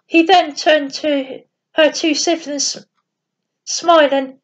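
A woman telling a bedtime story in a plain, gentle reading voice with small slips. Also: sits high, fairly even intonation, slow. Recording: dull lo-fi recording.

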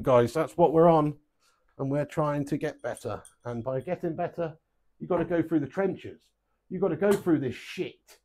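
A young man chatting casually on a live stream, rambling, swearing freely and getting animated. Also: sits high.

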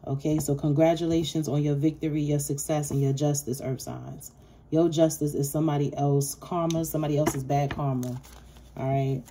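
A low-pitched woman gives a casual tarot reading, addressing her viewers directly in a blunt, profane, streetwise way. Her deep voice sits over a clear hiss of background noise, with cards shuffling behind her. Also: mellow. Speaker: tarot reader. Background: card shuffling.

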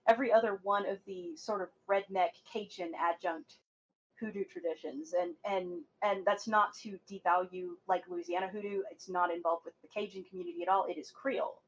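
A woman's voice: lowish voice, fairly even intonation, brisk, dull audio. A woman co-hosting a podcast, talking eagerly in casual chat and swearing now and then. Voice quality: husky. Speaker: podcast co-host.

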